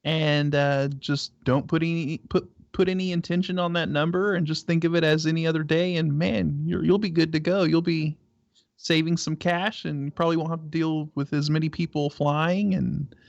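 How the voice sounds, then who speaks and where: A man's voice: fairly high pitch, steady tone, normal speed, vocal fry, no room sound. A man co-hosting a live show, laid-back and stammering, with lots of repeated words. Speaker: co-host. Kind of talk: casual live show chat. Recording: dry, dull lo-fi mic.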